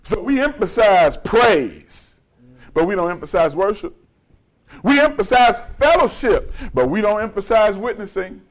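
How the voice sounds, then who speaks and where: A man's voice: sits high, lively intonation, unhurried. A male pastor preaching a sermon in a conversational, folksy way, mixing humor with call-and-response to the congregation.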